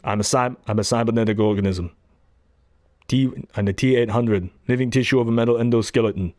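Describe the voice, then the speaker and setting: A man's voice: medium pitch, steady tone, fairly quick, a little mellow, no room sound, clean studio sound, close to an everyday voice. A man putting on a boastful action-star muscleman, clipped and heavy.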